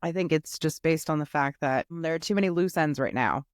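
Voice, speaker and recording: A woman co-hosting a casual show recap, skeptical and animated as she retells scenes with quoted asides. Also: deep voice, a little fast, no room sound, clean studio sound. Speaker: recap podcast co-host. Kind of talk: casual chat reviewing a reality show.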